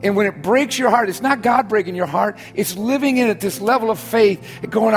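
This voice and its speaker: A man preaching a sermon as pastor, stressing points by repetition and dropping to soft, quiet asides. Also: animated, normal speed, few pauses, soft background music. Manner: preaching with sudden drops to soft, low, intimate asides and emphatic repetition.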